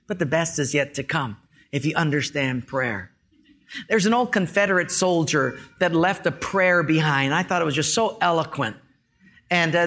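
A man preaching a sermon, talking in an animated, folksy storytelling way. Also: a little high. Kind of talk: sermon with a told joke.

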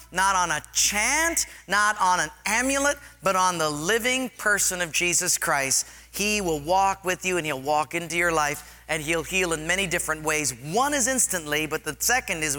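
A man preaching a sermon, telling stories with lively acted-out scenes. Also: sits high, big-room sound. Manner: animated storytelling, acts out scenes.

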